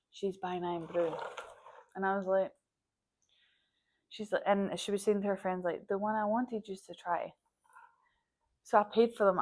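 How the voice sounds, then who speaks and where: A young Scottish woman talks straight to the camera in a relaxed vlog, chatty and a little scattered. She tells stories by acting out what everyone said, and "like" pops up all the time. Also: mid-range voice. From Scotland. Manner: animated storytelling, acts out quoted dialogue, frequent "like". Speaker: vlogger.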